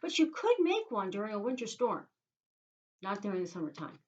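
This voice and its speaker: A woman, a teacher leading young children through a phonics lesson in a sing-song, animated way, sounding out letter sounds. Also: medium pitch, a little fast, highs cut off. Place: inside a small tent.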